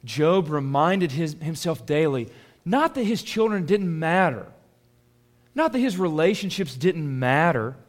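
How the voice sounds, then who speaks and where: A young adult man, a pastor preaching a conversational sermon that drops soft and swells loud. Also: a little high, lively intonation, measured pace.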